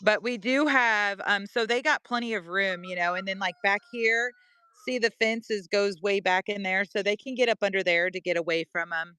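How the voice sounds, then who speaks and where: Casual vlogger, middle-aged woman, clear voice, outdoors, chatty and talks to her pets. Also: mid-range voice, moderate pace, pushed and bright, dry recording. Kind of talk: casual walk-and-talk vlog. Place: outdoors in a backyard with animals.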